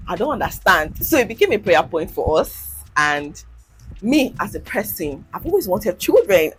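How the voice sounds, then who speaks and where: A woman's voice: normal speed, breathy edge. A woman in her thirties, a content creator, telling her own story with candid emotion, sighs and laughs. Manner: animated, acts out quoted voices with big pitch jumps. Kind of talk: personal storytelling vlog.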